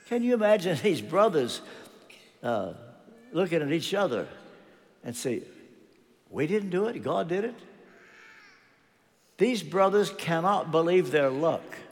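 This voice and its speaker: A man's voice: sits high, big-room sound. An older man preaching a sermon, telling a story and acting out what the characters said, his emphasis rising and falling. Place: church.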